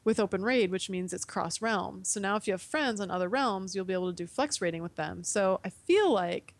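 A woman's voice: mid-range voice, fairly quick, no echo. A young woman in casual chat as a podcast guest, laughing often and acting out her own reactions. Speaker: podcast guest from a gaming website.

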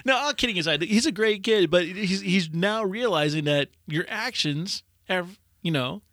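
A man in his forties, a podcast co-host telling a story in casual chat, animated and laughing often. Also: sits high, moderate pace, dry recording, clean studio sound.

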